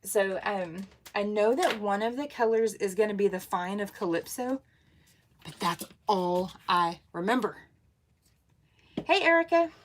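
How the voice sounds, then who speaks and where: A woman's voice: mid-range voice, animated, measured pace, a little hiss or hum. A woman, hosting a casual craft livestream, bubbly, laughing often and greeting viewers by name. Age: 40s.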